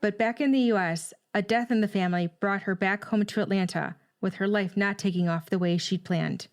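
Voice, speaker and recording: Woman narrator with a gravelly edge. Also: medium pitch, a little fast. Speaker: podcast host. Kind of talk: scripted narration and ad read.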